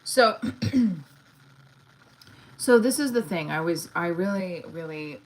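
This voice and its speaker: A woman with a low voice chatting on a casual livestream. She rambles from one thought to the next, restarting sentences and dropping in lots of fillers. It sounds loose and unscripted. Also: expressive, takes it slowly, poor audio. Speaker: actor and comedian livestreaming.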